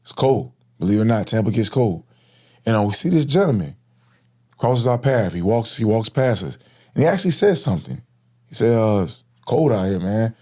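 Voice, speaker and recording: A man's voice: fairly low pitch, sing-song, brisk, dark tone. A man in his thirties from Florida, recounting his past as an interview guest in casual, slang-filled, earnest speech. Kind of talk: personal storytelling in interview.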